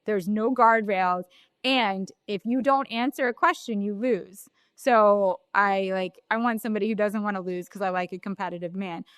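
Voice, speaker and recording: A woman's voice: medium pitch, normal speed, fairly bright tone, clear, resonant tone, no room sound. A young woman co-hosting a podcast, chatting casually and telling a story with lots of fillers. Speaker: podcast co-host. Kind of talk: casual chat.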